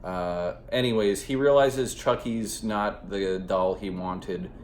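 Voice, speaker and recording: A man with a very deep voice talks through a movie in a loose, unscripted way. He rambles, swears freely and leans on fillers like "uh" and "like". His voice echoes around the room, with a faint hiss behind it. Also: fairly even intonation, slow. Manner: rambling and profane, heavy on fillers. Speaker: movie reviewer. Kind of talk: casual spoken movie review.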